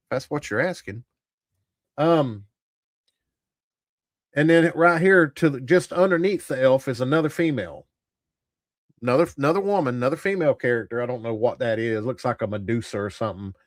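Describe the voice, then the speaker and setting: A man's voice: mid-range voice, moderate pace, pauses often, no room sound, studio quality. A man hosting a tabletop gaming channel, giving blunt, profane, rambling commentary to a live chat. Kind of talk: casual livestream commentary.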